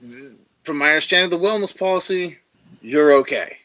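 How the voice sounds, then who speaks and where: A man's voice: a little high, lively intonation, fairly quick, bright, forceful tone. Blunt, foul-mouthed podcast guy. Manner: blunt, profane and sarcastic. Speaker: podcast co-host. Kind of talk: casual wrestling chat.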